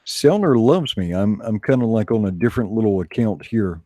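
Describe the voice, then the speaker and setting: A low-voiced man with a husky edge talks in a loose, rambling way, poking fun at himself as he hosts a casual online chat. The sound is dry and close to the mic. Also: animated, brisk, mellow, dry recording. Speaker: host.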